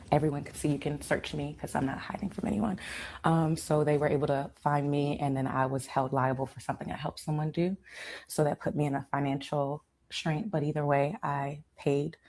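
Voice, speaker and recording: A woman's voice: low-pitched, fairly even intonation, normal speed, a little mellow, slight background noise. A woman in a played clip recounting her situation, hesitant and emotional, with many ums. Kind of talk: personal account.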